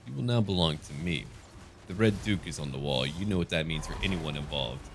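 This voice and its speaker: A man's voice: rumbling low, a little fast, vocal fry, a little hiss or hum. A man giving gameplay commentary as a gaming channel host, with dry, joking asides.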